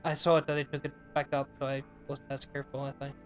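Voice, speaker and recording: A woman's voice: extremely low pitch, level tone, quick pace, soft background music. A woman casually chatting while live-streaming a co-op game, directing the play in a practical way with the odd light curse.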